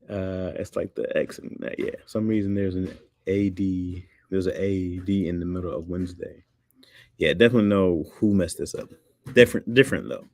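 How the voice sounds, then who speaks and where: Guy on a livestream, low voice, dry close sound, goofing around reading chat. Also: a little mellow, dry recording. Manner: loose, joking, laughs often, reads comments aloud.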